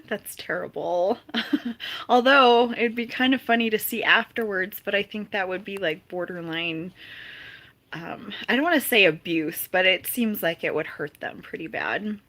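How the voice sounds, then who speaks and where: Speaking unhurriedly in a medium-pitched, expressive, slightly bright voice, a woman hosts a relaxed live stream. She answers and reads viewers' comments, laughing a lot and giggling between greetings.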